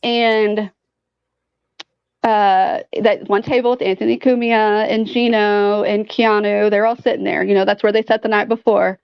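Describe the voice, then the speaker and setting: A woman guest telling a story in casual chat, animated and profane, filling her talk with "like". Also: medium pitch, unhurried, gravelly, clear, resonant tone, no room sound, muffled recording. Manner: animated, profane, heavy use of "like".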